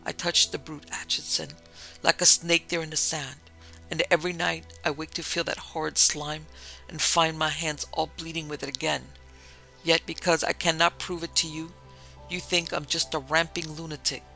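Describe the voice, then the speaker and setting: A man doing a raving, haunted gentleman. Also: fairly high pitch, little pitch movement, normal speed, creaky, faint music behind, heavily acted, poor audio. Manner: agitated, raving, insistent. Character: haunted gentleman, hysterical, bitter, defensive.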